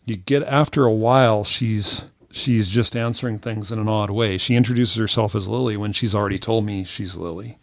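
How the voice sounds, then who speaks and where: An older man co-hosting a casual podcast chat, telling stories and mimicking text messages in a high mocking voice. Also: moderate pace, gravelly, hardly any pauses, dry recording. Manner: reads scam texts aloud in a high mocking voice. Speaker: podcast co-host.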